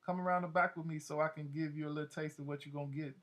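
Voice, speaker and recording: A sweet-talking, scheming young woman, a touch higher than the reader's own voice, as a male narrator plays her. Her lines come out sly and coaxing in a casual audiobook read. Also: steady tone, racing, fairly bright tone, natural voice. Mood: coy.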